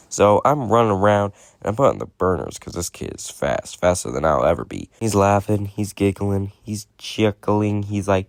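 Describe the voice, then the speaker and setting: A man telling a crude comic story in a villain persona, deadpan and profane. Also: on the low side, fairly quick, no room sound, studio quality.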